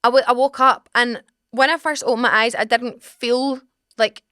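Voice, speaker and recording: A young woman in her twenties with a Scottish accent, hosting a podcast and telling a frank, animated story in casual chat. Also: on the high side, normal speed, clear, resonant tone, dry recording, clean studio sound. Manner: animated, dramatic, swearing, frank. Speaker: podcast host. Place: small podcast studio. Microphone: studio mic.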